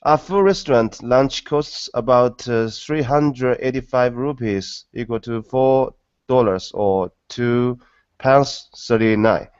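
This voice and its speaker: Male student, native Chinese speaker, careful slow reader, dry lo-fi line. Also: mid-range voice, a little mellow, clean tone, dry recording. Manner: halting, slow, stumbles over numbers. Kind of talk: reading aloud in a language class. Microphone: video call. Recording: dull dry video call audio.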